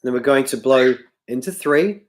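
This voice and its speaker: A man teaches harmonica over a livestream in a medium-pitched voice at normal speed. Worn out and going hoarse, he wanders in his explanations, keeps correcting himself, and apologizes, while harmonica sounds behind him.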